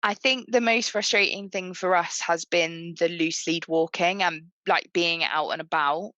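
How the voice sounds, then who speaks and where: A woman's voice: fairly low pitch, a little slow, sharp tone, no room sound, dull audio. A young woman in her twenties, a guest on a podcast, chatting casually about her puppy and often saying "like". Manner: chatty, frequent "like" fillers. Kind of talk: podcast interview.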